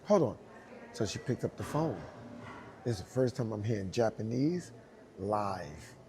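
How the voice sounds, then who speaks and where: A man's voice: on the low side, expressive, normal speed, dark tone. A man who is a dancer tells an anecdote and acts out the dialogue, laughing often. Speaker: dancer guest. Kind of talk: storytelling anecdote.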